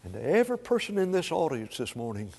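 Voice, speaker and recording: A man preaching a sermon to a congregation, swinging between hushed lines and loud, drawn-out emphasis. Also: a little high, big pitch swings, vocal fry, breathy edge. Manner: dramatic swings from soft to loud, slow emphatic phrasing. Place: church sanctuary. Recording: long hall reverb.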